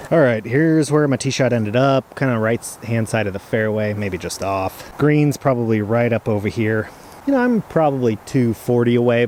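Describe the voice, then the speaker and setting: Male golf vlogger, mid-pitch, a little winded, self-mocking chat, outdoor camera mic with faint traffic behind. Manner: chatty, self-deprecating. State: slightly out of breath. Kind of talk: casual talk to camera while golfing. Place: outdoor golf course in cold weather.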